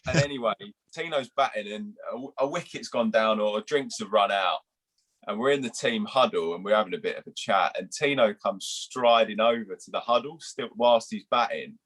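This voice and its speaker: A man's voice: on the low side, normal speed, fairly bright tone, poor audio. A young man from England, a guest cricketer, telling rambling anecdotes with restarts and some swearing. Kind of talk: casual storytelling.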